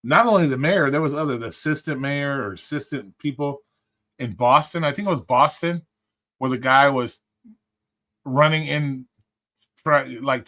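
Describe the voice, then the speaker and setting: Male streamer, mid-pitched, rambling and profane, casual rant energy. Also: a bit bright. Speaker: livestream host. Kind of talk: casual livestream commentary.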